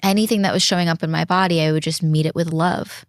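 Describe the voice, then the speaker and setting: A woman in her thirties speaking as a podcast guest in an earnest, reflective way, slowing down to stress her points. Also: low voice, steady tone, dry recording, clean studio sound. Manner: earnest, reflective, slows down when emphasizing. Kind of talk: casual heartfelt conversation.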